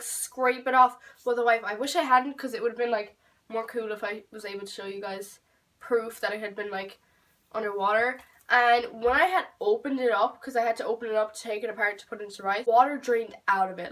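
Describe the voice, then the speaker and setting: A young woman rambling through a storytime vlog at home, swearing freely and getting animated. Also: on the high side. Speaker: vlogger. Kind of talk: storytime vlog, casual chat. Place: home room. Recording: voice a bit far from the mic.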